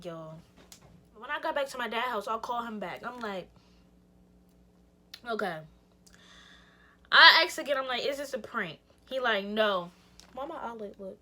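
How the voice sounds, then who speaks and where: Young woman, storytime vlog, high bright voice, emphatic, acts out her reactions, faint hiss. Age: young adult. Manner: animated, emphatic, swears freely, acts out her own reactions. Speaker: YouTuber telling a story.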